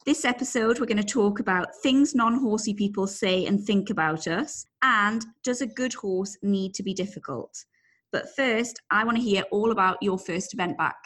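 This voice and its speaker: A woman's voice: mid-range voice, normal speed, a bit bright. A woman hosting a podcast, chatting in a friendly, upbeat way and laughing along with her co-host. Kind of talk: casual chat.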